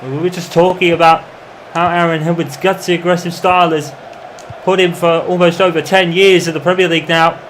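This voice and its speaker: A man commentating over his own football video game in the style of a match broadcaster, calm between plays and erupting into shouts when a goal goes in. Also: fairly high pitch, a little fast, slight background noise. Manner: excitable, bursts into shouting on goals. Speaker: gamer doing mock football commentary. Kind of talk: playful imitation of match commentary over gameplay.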